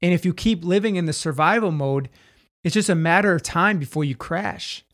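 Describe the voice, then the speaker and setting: Guy fairly high voice, cussing a lot, super intense telling his story. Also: normal speed, fairly bright tone. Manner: intense, swears freely, emphatic repetition. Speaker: podcast guest, healer. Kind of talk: candid storytelling.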